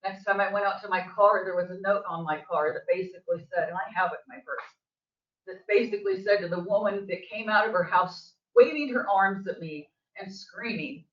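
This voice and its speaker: A woman's voice: medium pitch, fairly quick. An older woman, a local resident giving public comment at a board meeting, telling her story in an agitated, emphatic way. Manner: agitated, emphatic storytelling, voice rising toward the end. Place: district office meeting room. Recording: distant, echoey, dull meeting-room audio.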